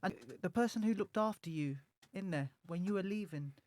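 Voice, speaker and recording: A man's voice: high voice, brisk. A man hosting a podcast interview, asking questions and giving short encouraging replies. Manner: brief encouraging backchannels. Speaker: podcast host.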